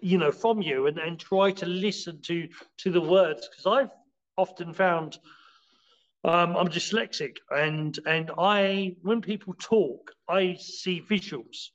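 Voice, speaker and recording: A man being interviewed as a martial arts teacher on a podcast. He explains in a halting way, with many restarts and fillers, and acts out scenes as he goes. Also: high voice, muffled recording.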